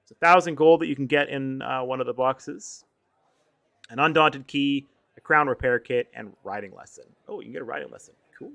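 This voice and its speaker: A man with a bright tone and a gravelly rasp under it talks casually through game store offers and event news. He wanders, fills gaps with ums and fixes his own slips mid-sentence. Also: medium pitch, a little fast. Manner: rambling, lots of ums and self-corrections. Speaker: podcast co-host.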